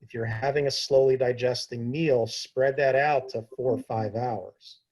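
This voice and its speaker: Husky-voiced man, educator fielding questions, calm and explanatory, video call. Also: medium pitch, unhurried, rough recording. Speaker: diabetes educator answering questions. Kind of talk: informal Q&A talk.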